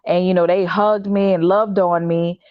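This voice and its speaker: A fairly low-pitched woman from Chicago speaks into a home video-call setup, and the sound comes through a little muffled and lo-fi. She hosts a livestream talk show and tells a personal story in a loose, animated way, full of fillers and restarts. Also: normal speed, no echo. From Chicago, United States. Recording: dull, slightly lo-fi dry stream audio.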